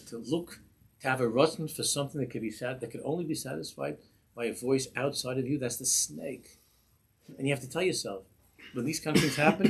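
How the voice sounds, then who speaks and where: A rabbi teaches in a lively, joking way, laughing at his own examples as he goes. His voice sits at an ordinary middle pitch for a man, with a faint hiss of background noise behind it. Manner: lively and humorous, laughs at his own examples, mixes in Hebrew and Yiddish terms. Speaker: rabbi teaching a weekly class. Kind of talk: informal Torah talk.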